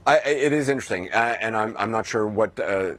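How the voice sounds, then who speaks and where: A male news correspondent reporting live, speaking in a halting way with frequent restarts. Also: fairly low pitch, fairly bright tone. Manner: halting, many restarts and fillers.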